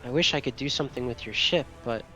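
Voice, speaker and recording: A man voicing a weary, courteous male dragon in a tabletop game, speaking in formal, halting sentences. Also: medium pitch, bright, forceful tone, faint music behind, close to an everyday voice. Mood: gracious. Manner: formal, halting, grateful speech. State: exhausted. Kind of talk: tabletop game role-play.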